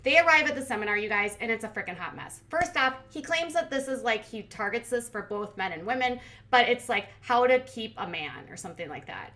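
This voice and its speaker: A woman's voice: a little high, animated, fairly quick, few pauses, sharp tone. A woman hosting a commentary channel, recapping a reality show in casual, sarcastic, blunt talk full of "like". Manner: sarcastic, blunt, heavy use of "like".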